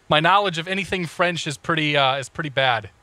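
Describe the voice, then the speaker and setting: With a fairly high, pushed and bright voice and no echo, this flight sim streamer talks casually through cockpit checklists on a live stream, joking and saying hello to chat as he goes.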